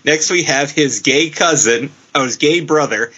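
A man hosting a casual podcast, reading out listener entries in a deadpan way and laughing often. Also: fairly high pitch, unhurried. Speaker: podcast host. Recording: dull lo-fi sound.

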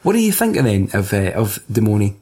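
A man's voice: on the low side, big pitch swings, a little fast, a little mellow, slightly rough. A man in casual film chat on a podcast, swearing, laughing often and quoting scenes in silly voices.

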